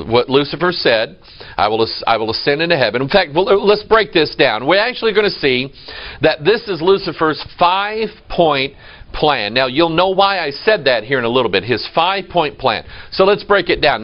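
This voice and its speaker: A man's voice: on the high side, highs cut off. A man preaching a sermon in a church, emphatic and quoting scripture. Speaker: pastor.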